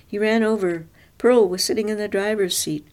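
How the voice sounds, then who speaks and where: A woman's voice: mid-range voice, normal speed, a little mellow. Woman reading a story aloud. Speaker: narrator. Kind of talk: scripted narration of a story.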